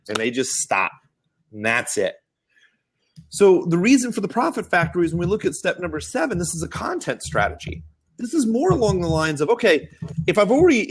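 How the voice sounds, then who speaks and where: A man hosting a marketing webinar, telling stories in a lively, animated way and acting out the people he quotes. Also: breathy edge. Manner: animated storyteller, acts out quotes in high excited voices. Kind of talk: casual webinar talk. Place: Austin.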